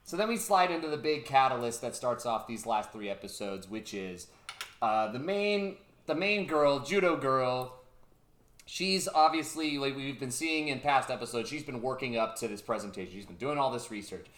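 Young male co-host, fast jokey recaps, some swearing, echoey room. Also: medium pitch. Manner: animated, profane, jokey storytelling. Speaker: podcast co-host. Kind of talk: casual chat recapping a show. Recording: roomy echo.

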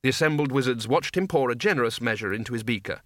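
A man's voice: medium pitch, fast, fairly bright tone, dry recording. A man reading a comic fantasy novel aloud as an audiobook narrator, with dry, wry storytelling. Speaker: audiobook reader.

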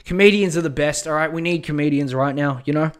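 A man hosting a casual podcast, ranting in a profane, excitable way that often turns exasperated. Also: fairly high pitch, quick pace, clear, resonant tone. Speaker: podcast host.

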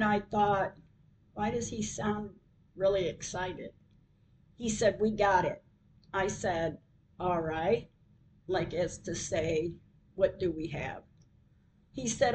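An older woman hosting a podcast, reading a personal story aloud in a slow, measured way. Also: mid-range voice, a little mellow, slight background noise, poor audio. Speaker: podcast host.

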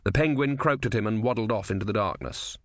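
A man narrating an audiobook in an expressive, wry storytelling manner. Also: lowish voice, fast talker, dry recording, clean studio sound.

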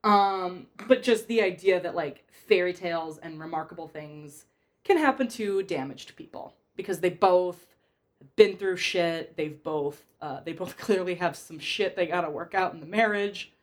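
A young woman hosting a casual film discussion, animated and laughing often. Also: on the low side, moderate pace. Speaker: podcast host.

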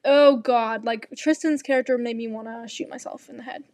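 High-voiced young woman chatting animatedly. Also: no room sound. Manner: animated, gushing, quick asides. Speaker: podcast co-host. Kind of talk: casual chat.

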